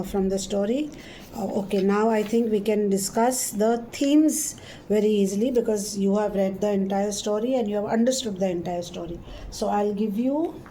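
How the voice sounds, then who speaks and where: A woman with an Indian English accent teaching a literature lesson, reading a story aloud and explaining it slowly, repeating and paraphrasing lines. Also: medium pitch, dark tone, a little hiss or hum.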